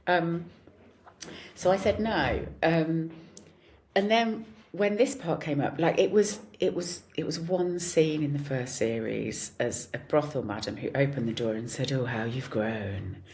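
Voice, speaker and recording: A woman's voice: low voice, a little slow, slight background noise. A woman in her forties, a guest actor, telling stories in casual chat and laughing often. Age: 40s. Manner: animated storyteller, laughs often.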